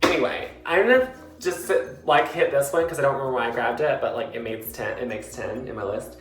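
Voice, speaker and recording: A man's voice: mid-range voice, fairly quick, a bit bright. Tipsy man rambling in an echoey bathroom. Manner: giggly, rambling, heavy on fillers. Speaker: book vlogger. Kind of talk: casual rambling book talk. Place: in a bathtub, tiled bathroom. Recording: echoey bathroom with faint music.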